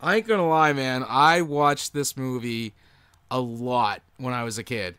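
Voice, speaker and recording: A man's voice: mid-range voice, measured pace, bright, forceful tone, smooth, no echo. A man co-hosting a movie podcast in casual chat, making dry asides. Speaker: podcast co-host.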